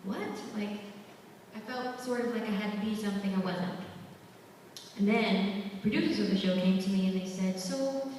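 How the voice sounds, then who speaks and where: A woman's voice: medium pitch, normal speed, slight background noise. Young woman, echoey hall from far off. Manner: lively storytelling, chatty asides to the audience. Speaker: guest speaker at a school. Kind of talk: motivational talk to students. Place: school hall.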